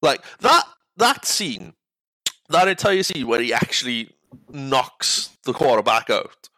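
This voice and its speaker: Podcast host, male, rambling film recap, bright tone, dry close mic. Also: mid-range voice, big pitch swings, slow pace, dry recording, rough recording. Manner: rambling, restarts, swears, acts out quotes. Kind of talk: casual movie recap chat.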